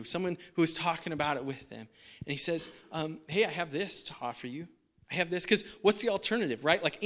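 A man's voice: high voice, fairly bright tone. A man preaching a sermon in a casual, chatty way, often asking "right?". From United States. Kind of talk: conversational sermon.

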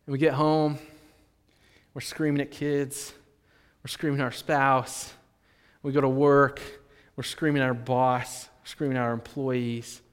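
A man preaching a sermon as pastor, animated, acting out imagined speakers and swinging between loud and soft. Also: mid-range voice, normal speed, big-room sound.

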